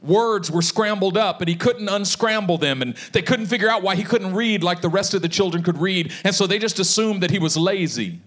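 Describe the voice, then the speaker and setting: A male preacher telling a story in a sermon, speaking with passion that builds toward shouting. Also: high-pitched, brisk, hardly any pauses.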